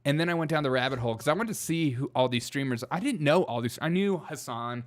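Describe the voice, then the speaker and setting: A man's voice: medium pitch, fast talker. A man hosting a live stream, reacting to clips with wry, joking casual commentary and frequent laughs.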